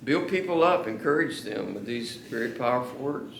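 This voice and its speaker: Earnest male pastor mid-sermon, drawn-out emphasis; reverberant church sound. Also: medium pitch, expressive, creaky, a bit bright, slight background noise. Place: church sanctuary. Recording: echoey church room.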